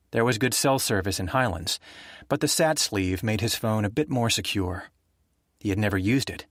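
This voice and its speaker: A man narrating a thriller audiobook in a steady, even storytelling manner. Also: lowish voice, dry recording, clean studio sound.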